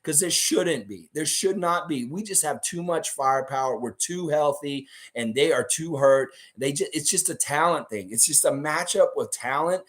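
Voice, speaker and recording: Hoarse young guy streaming live, rambly and animated, bit high-pitched. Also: normal speed, few pauses. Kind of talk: casual live-stream chat.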